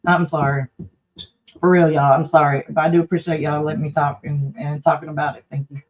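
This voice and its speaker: A woman's voice: low voice, little pitch movement, fairly quick, muffled recording, a crowd in the background. A middle-aged woman, hosting a livestream and talking in a frank, rambling way with a bit of cussing. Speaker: livestream host. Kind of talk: casual livestream chat.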